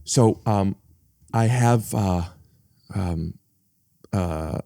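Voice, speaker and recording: A man's voice: low voice, extremely slow, gravelly, dark tone. A man hosting a podcast in casual chat, rambling and self-mocking, with lots of hesitant fillers. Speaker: podcast host.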